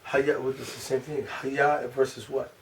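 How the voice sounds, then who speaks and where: A man with a Chicago accent teaching a small group class, asking questions and slowly repeating syllables. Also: medium pitch, level tone. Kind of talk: informal group language lesson. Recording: distant room mic with faint noise.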